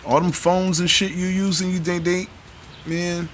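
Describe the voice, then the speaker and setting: A man's voice: high-pitched, level tone, a little slow, a bit bright, a little hiss or hum. A man ranting in live commentary, heated and profane, preaching at his viewers between clips.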